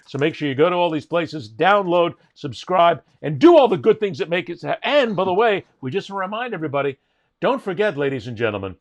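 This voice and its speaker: Podcast co-host, man, lively swooping delivery, jokey promo patter. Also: a little high, brisk. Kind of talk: casual podcast chat.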